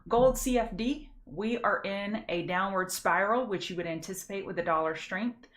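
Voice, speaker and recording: A woman from Louisiana with a Southern accent, hosting a casual live pre-market trading show, folksy and chatty, greeting viewers by name and slowing down to enunciate. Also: medium pitch, a bit bright. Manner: slows down to enunciate carefully.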